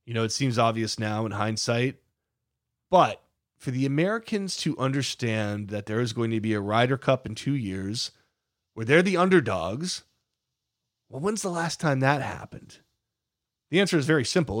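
A man's voice: medium pitch, dry recording, clean studio sound. A man narrating a podcast, telling the story with emphatic, dramatic builds.

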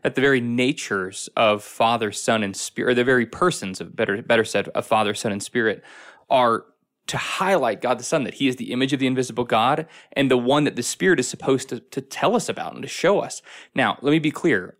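An emphatic man speaking as a pastor in a podcast discussion. He gets animated as he acts out little quotes. His voice is mid-pitched. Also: a little fast.

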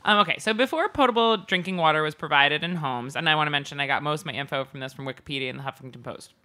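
A woman's voice: sits low, racing, pushed and bright. A woman co-hosting a casual podcast, chatty and given to laughs and crude asides. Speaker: podcast co-host. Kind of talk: casual chat.

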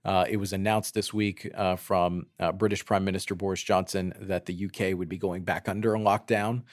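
A man's voice: low voice, fairly quick, dry recording, clean studio sound. Teasing man co-hosting a podcast. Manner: lively, teasing, many fillers. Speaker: podcast co-host. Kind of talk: casual roundtable chat.

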